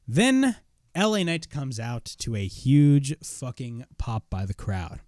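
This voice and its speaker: A young man giving a casual spoken wrestling review, blunt and excitable, swearing freely. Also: medium pitch, takes it slowly, no room sound, studio quality.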